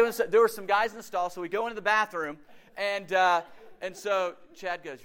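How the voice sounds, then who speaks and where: His voice sits high and his pace is brisk as this middle-aged man preaches. The sermon is animated storytelling, with quotes performed in character.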